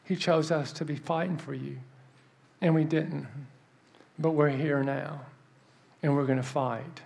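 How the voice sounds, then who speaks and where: A man giving a sermon as an earnest, animated story, dropping soft for emphasis. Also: a little high, unhurried, vocal fry. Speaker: preacher.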